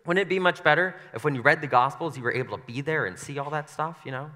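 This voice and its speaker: A young man preaching in a church, his voice bright and forward, carrying a long reverb through the hall. He talks in a loose, conversational way, playful and self-deprecating. He keeps slipping into little voices to act out scenes. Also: on the high side, fast. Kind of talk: casual conversational sermon. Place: church sanctuary.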